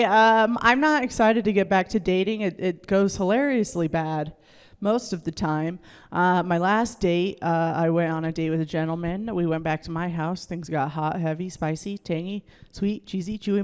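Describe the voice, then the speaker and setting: A woman's voice: mid-range voice, clean tone, in a large hall. A young woman comedian performing a stand-up set on a club stage into a handheld mic, rambling loosely, laughing, and acting out quotes.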